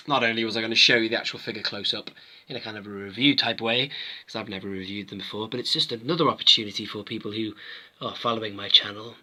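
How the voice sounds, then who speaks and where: A man's voice: mid-range voice, sharp tone. A man hosting his own toy collecting channel, reviewing figures in a rambling, chatty way that often interrupts itself. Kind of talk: casual review chat to camera.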